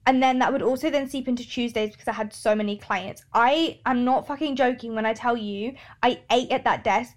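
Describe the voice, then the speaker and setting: A young woman hosting a podcast, talking candidly and emotionally, swearing often. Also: on the high side. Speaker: podcast host. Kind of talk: casual monologue.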